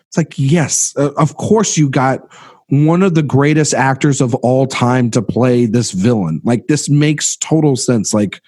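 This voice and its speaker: A man in a casual film-discussion podcast, talking haltingly with many restarts and trailing off quietly. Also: medium pitch, no room sound.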